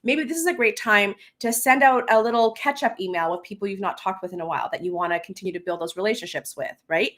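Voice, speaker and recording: A woman's voice: mid-range voice, fast, hardly any pauses, fairly bright tone. A woman hosts a casual live stream as a business coach, chatting with lots of laughter and fillers and reading comments aloud.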